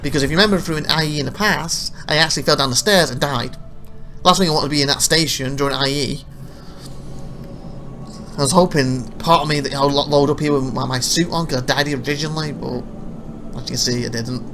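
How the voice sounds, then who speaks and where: A man's voice: a little high, fast talker, fairly bright tone, faint music behind. A man narrating his own gameplay footage as a let's play, rambling through anecdotes with frequent restarts. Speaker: gameplay commentator.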